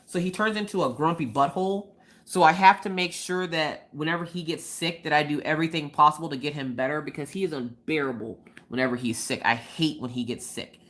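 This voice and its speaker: Chatty low-voiced woman livestreaming. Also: fairly quick. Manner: chatty, giggly, animated retelling with quoted voices. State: recovering from a cold. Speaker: livestream host. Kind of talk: casual live-stream chat.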